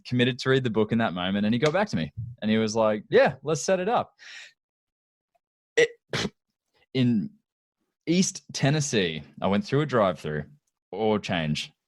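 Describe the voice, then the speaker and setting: A middle-aged man hosts a podcast in a chatty, eager way, laughing often and spinning his own stories between questions. His voice is on the low side, and the dry, close sound carries almost no room. He keeps the talk loose and conversational. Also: no echo. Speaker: podcast host. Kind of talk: casual interview chat.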